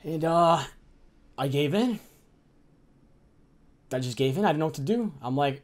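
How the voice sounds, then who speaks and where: A man's voice: a little high, expressive, measured pace, long pauses. A young man from the Chicago area telling a personal story in a casual, profane and heated way, acting out the people in it. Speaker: streamer telling his life story.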